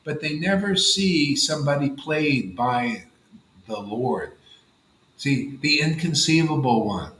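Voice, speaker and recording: A man giving an informal devotional talk to a gathering, casual and animated, often saying "man" and "you know". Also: fairly high pitch, slow, reverberant, a little hiss or hum, low-quality recording. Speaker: spiritual teacher.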